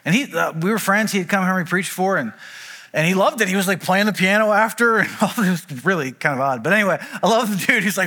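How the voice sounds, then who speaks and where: A man preaching a sermon as pastor, telling stories in a conversational way with quick asides. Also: sits high, bright, forceful tone, big-room sound. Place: church auditorium.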